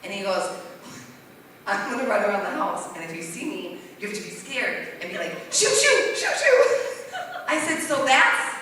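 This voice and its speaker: A woman doing rambling, self-deprecating stand-up at an open mic night in a bar, with a voice she calls deep. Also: expressive, moderate pace, sharp tone, slight background noise. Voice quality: deep-sounding voice. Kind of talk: stand-up comedy. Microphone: stage mic in a bar. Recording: roomy hall, voice from far off.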